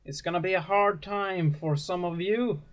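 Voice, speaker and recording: A man voicing a pompous preacher of a company cult who delivers grand, drawn-out sermons to his flock. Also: sits high, dull audio, pitched above the performer's own voice, close to an everyday voice. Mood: preaching.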